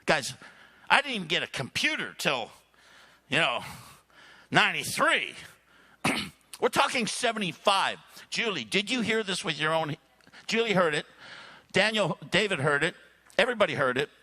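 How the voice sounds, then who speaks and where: A man tells a long church story, his fairly high voice leaping up and down with animation. His tone is bright and forceful, and he keeps stopping to clear his throat between anecdotes. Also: sing-song, normal speed, long pauses. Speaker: guest speaker. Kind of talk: sermon storytelling.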